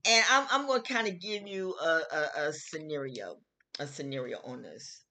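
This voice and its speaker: A middle-aged woman hosting her own show, giving her opinion in a slow, emphatic, chatty way and repeating her phrases. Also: deep voice, expressive, pushed and bright. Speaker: host. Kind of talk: casual opinion talk.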